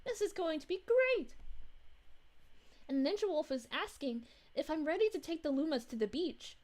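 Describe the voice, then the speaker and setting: A woman playing a gentle, sweet space princess as a VTuber, chatting with her live-stream viewers in a soft, bubbly voice with frequent giggles. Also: sits high, lively intonation, normal speed. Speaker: VTuber streamer reading chat. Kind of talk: live-stream chat in character.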